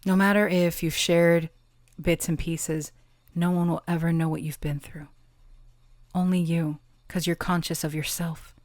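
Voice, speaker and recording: A woman with a somewhat low voice gives a pick-a-card tarot reading, stretching her words and speaking in an earnest, affirming way. She drops into casual fillers and the odd swear. The recording is dry and close, with no room sound. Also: level tone, dry recording. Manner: slow, earnest and affirming, drawing out key words; gets emotional and laughs softly at times.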